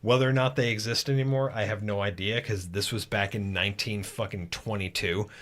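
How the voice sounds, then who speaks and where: A middle-aged man with a fairly low voice talks in a loose, rambling way on a casual podcast. He swears often and jokes about himself. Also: steady tone, brisk, a bit bright. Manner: rambling, profane, self-mocking. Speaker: podcast co-host.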